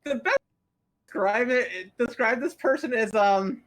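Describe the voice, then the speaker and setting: A man chatting as a player in a tabletop game, pausing often to search for words. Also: extremely high pitch, expressive, fairly bright tone.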